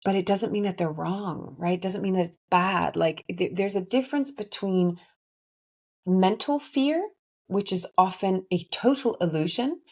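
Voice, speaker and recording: Gravelly-toned woman musing on intuition. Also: mid-range voice, a little slow, a little mellow. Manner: thoughtful, rambling, many fillers and restarts. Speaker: spiritual intuitive reader. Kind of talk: casual reflective monologue.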